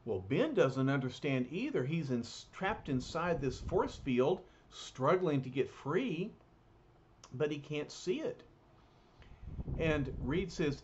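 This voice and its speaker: A man's voice: medium pitch, very animated, slow, darkish tone. Dramatic male storyteller, muffled lo-fi. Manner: dramatic, with loose asides. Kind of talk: retelling a cartoon episode aloud. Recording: muffled lo-fi recording, faint hiss.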